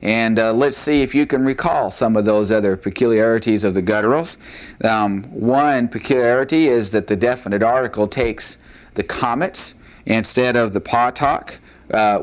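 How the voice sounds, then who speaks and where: A man stands at a classroom board teaching a Hebrew grammar lesson, his voice fairly low in pitch. He patiently repeats the key points, often saying "all right" and "uh."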